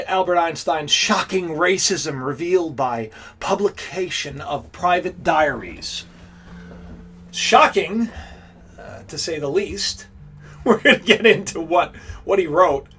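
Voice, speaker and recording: A man's voice: high voice, fairly bright tone, husky. A man hosting a casual live stream, talking straight to his viewers, greeting them and rambling with frequent restarts. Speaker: livestream host.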